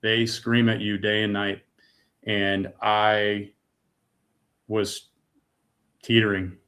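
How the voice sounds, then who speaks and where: A man's voice: lowish voice, little pitch movement, drawn-out words, fairly bright tone. A middle-aged man giving an emotional personal testimony as a podcast guest, talking casually with words like "dude" and "man".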